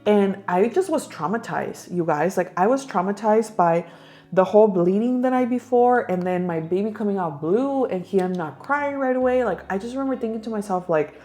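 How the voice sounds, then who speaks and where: A woman's voice: medium pitch, lively intonation, normal speed, mellow, soft background music. A young woman vlogger telling a personal story to her viewers in a chatty way, calling them "girl" and "you guys" and slipping into Spanish phrases. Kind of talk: casual storytelling to camera.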